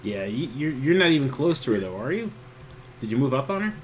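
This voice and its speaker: A man running a tabletop game as dungeon master, talking casually with many pauses and fillers. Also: mid-range voice, very animated, crowd noise. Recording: noisy home recording.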